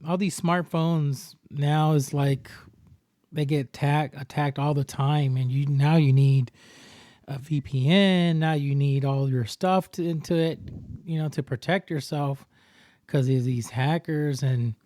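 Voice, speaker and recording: Speaking a little slowly, this podcast host spins animated stories in a relaxed chat, raising his voice higher whenever he acts out a quote. There's no echo, and the studio sound is clean.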